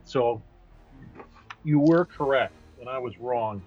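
A man's voice: mid-range voice, takes it slowly, darkish tone, faint music behind. Hesitant man on a dull-sounding line. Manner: careful, explanatory, hesitant with fillers. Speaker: podcast co-host. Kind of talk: casual chat about comics.

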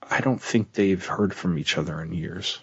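A man's voice: sits low, normal speed, breathy edge, dry recording, lo-fi sound. A man co-hosting a podcast, chatting casually about books with many fillers and restarts. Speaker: podcast co-host. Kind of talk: casual book-club chat.

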